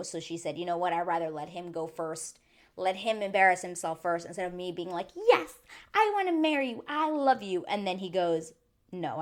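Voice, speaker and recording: A woman talks straight to her viewers in a casual, chatty recap. Her voice sits a little low, and she keeps it lively by acting out what people said. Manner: chatty and animated, acting out quotes. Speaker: YouTube reviewer.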